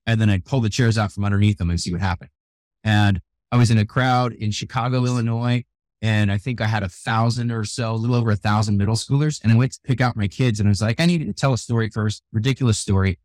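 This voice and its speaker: An older man with gray hair, a youth keynote speaker, telling animated stories in a radio interview. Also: on the low side, fast talker, no room sound. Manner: energetic, animated storyteller who acts out quotes. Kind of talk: storytelling interview talk. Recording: dry close sound, radio show.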